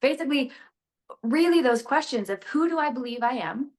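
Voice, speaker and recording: A woman, an actress, talking as a podcast guest in a casual, animated way, dropping lots of "like" and laughing between thoughts. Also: high voice, a little fast. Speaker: guest, actress and motivational speaker.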